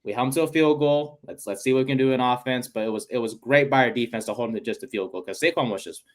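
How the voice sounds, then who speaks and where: A man co-hosting a sports podcast, chatting casually with lots of fillers and sudden bursts of excitement. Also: medium pitch, fast talker. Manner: excitable, many fillers, bursts of loud enthusiasm. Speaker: podcast co-host.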